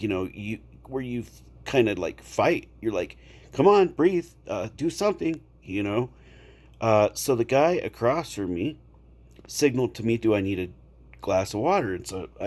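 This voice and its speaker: A man casually telling a personal story to camera, unhurried, checking in with the listener now and then. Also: fairly low pitch, warm tone. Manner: unhurried, with fillers and repeated "okay?" check-ins.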